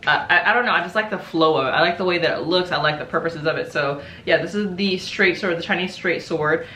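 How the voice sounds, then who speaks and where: Low-pitched American woman, relaxed and rambling, recorded in a roomy space. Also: fast. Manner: chatty, laughing, many fillers and restarts. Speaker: martial arts vlogger. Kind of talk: casual show-and-tell vlog.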